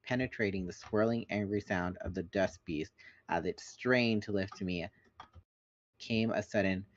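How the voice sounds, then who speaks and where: A man's voice: fairly low pitch, a little slow, no echo. A man hosting a podcast, reading a novel aloud with joking asides, on a dull, lo-fi recording. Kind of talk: casual book read-along.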